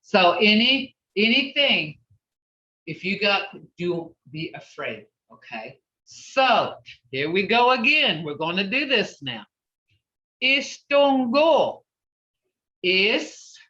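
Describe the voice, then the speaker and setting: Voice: mid-range voice, very animated, slow pace, sharp tone, reverberant. A teacher leading an online language class, patiently drilling words syllable by syllable and reassuring the students. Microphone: video call. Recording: dull video-call audio.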